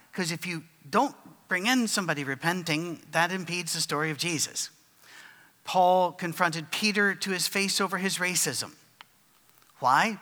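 Brief: male preacher, slightly high bright voice, loose storytelling delivery, reverberant hall. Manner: conversational, storytelling, with fillers and restarts. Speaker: preacher answering written questions. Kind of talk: sermon with questions and answers.

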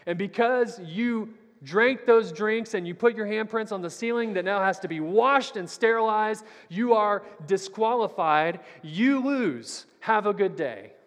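男人扮演的古怪糖果厂老板, 厉声训斥, 教堂混响. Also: male voice, high voice, expressive, unhurried, big-room sound, pitched above the performer's own voice. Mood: scolding. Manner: scolding, clipped and emphatic. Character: eccentric male candy maker, stern then kind.

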